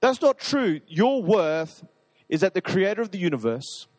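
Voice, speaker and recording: A man with a high voice delivers an enthusiastic, rambling sermon at a normal speed to a live crowd. The energy runs high, and the recording has a big-room sound.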